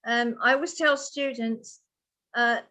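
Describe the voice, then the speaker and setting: A woman's voice: fairly high pitch, unhurried, pushed and bright. A woman tutoring for an English exam, patiently explaining word meanings to a student. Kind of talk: one-on-one vocabulary lesson.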